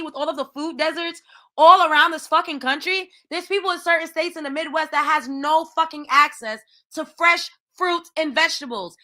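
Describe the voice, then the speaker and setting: A woman's voice: high-pitched, normal speed, bright, forceful tone. A woman hosting her own show, ranting in heated, profane commentary with lots of exclamations. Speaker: show host.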